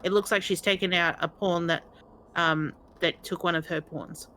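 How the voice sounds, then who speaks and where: Bright-voiced woman chatting over a game. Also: lowish voice, steady tone, normal speed, slight background noise. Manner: rambling, chatty storytelling with fillers. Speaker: streamer playing a retro game. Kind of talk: casual chat.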